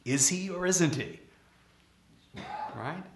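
A man from Brooklyn giving a public lecture, animated and full of restarts and questions to the audience. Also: on the high side, slow pace, slight background noise. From Brooklyn, New York. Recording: echoey lecture room.

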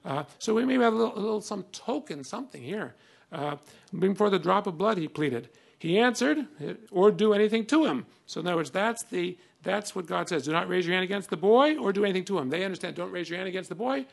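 A man's voice: high voice, lively intonation, fast talker, vocal fry. A man giving a conversational classroom lecture on old texts, reading passages aloud with emphasis between many fillers.

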